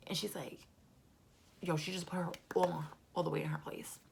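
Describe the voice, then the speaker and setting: A woman's voice: on the low side, moderate pace, creaky, slight background noise. A woman giving a casual, chatty recap of a reality TV episode, gossipy and prone to whispered asides.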